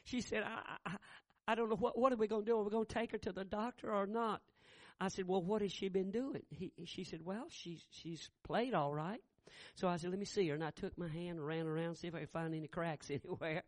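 A middle-aged man preaching a sermon, telling a family story and building to loud shouted peaks. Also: a little high, no echo, clean studio sound. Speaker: pastor.

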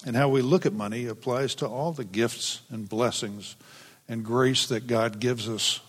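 A man's voice: mid-range voice, a little slow. A man reading scripture and preaching a sermon in a church, earnest and dryly humorous. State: a bit weepy. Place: church sanctuary. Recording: long hall reverb.

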